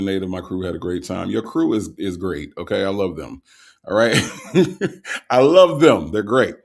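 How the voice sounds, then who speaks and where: A man hosting a livestream, reading out viewer comments and greeting each viewer in a relaxed, casual way with lots of ums, a little tired from the night before. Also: on the low side, creaky. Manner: relaxed, greets viewers with repeated hellos, frequent ums and uhs.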